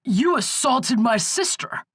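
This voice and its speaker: A woman voicing a hotheaded young man in an audiobook, shouting in outrage. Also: mid-range voice, very animated, takes it slowly, no room sound, clean studio sound, pitched above the performer's own voice, heavily acted. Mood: outraged. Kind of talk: audiobook character voice.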